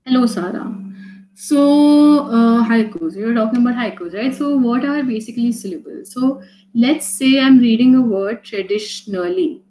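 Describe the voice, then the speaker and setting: A woman's voice: a little high, moderate pace, warm tone, echoey room, low-quality recording. A woman teaching a live online poetry class, talking casually with many fillers and restarts, often checking in with "right?".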